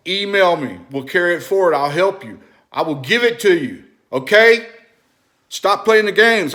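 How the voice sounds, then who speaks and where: A man with a somewhat high voice delivers a fervent monologue to his viewers. He repeats himself for emphasis and fires off rhetorical questions. His tone keeps swinging from loud, pushing urgency to low, intimate confiding. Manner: preachy, asks the listener rhetorical questions. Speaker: vlog host. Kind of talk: impassioned direct-to-camera monologue.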